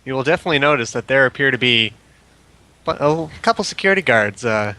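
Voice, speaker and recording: A man narrates a tabletop game as its game master, casual and laid-back. His voice is very bright and forward. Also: medium pitch, expressive, quick pace.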